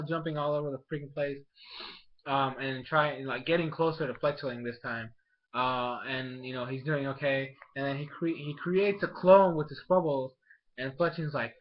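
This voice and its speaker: A man giving a casual, rambling episode recap as a reviewer, excitable and jumping into quick character voices. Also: mid-range voice, highs cut off. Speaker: anime reviewer.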